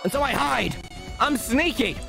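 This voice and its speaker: Young guy streaming, pitch jumping all over, faint music behind. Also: a little slow, gravelly. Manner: animated, jokey, acts out every voice. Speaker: gaming streamer. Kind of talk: casual storytelling while gaming. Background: faint game music.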